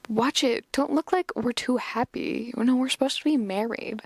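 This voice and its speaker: Goofy young cartoon guy, offhand and jokey, as a woman puts him on, a bit of fry. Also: on the high side, normal speed, no room sound. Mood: cautioning. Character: goofy easygoing young man.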